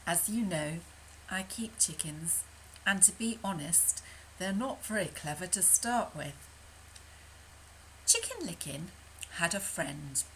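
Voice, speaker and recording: A woman telling a children's story aloud, animated and slipping into soft whispers now and then. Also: mid-range voice, slight background noise, poor audio. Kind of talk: reading a children's tale aloud.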